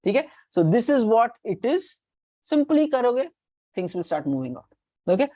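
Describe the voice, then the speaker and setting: A woman's voice: fairly high pitch, sing-song, normal speed, mellow, dry recording. A woman with an Indian accent teaching an online class on communication skills, coaching her students, repeating key points and mixing Hindi phrases into her English.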